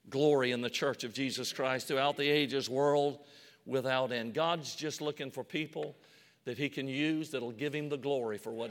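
A man's voice: fairly high pitch, fairly bright tone. A man preaching a sermon in a church. He acts out scripture scenes in quoted voices and repeats words to build emphasis. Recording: long hall reverb.

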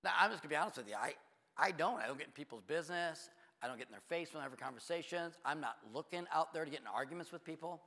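Middle-aged male pastor preaching in a big reverberant church, bright edgy high voice, goes from hushed to loud. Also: animated, rapid-fire. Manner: swings from quiet confiding to loud preaching. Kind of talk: sermon.

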